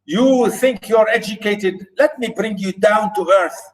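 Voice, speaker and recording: A man voicing a scornful, abusive father who shouts taunts at his educated son, read aloud in a lesson. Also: measured pace, poor audio. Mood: shouting taunts. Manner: shouting, taunting, high and strained. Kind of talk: dramatic reading aloud.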